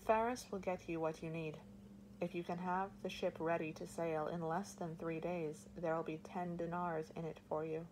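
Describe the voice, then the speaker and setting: A woman's voice: on the low side, fairly even intonation, moderate pace, noisy background, close to an everyday voice. A woman reading the part of a desperate young prince, urgent and pleading, in an audiobook.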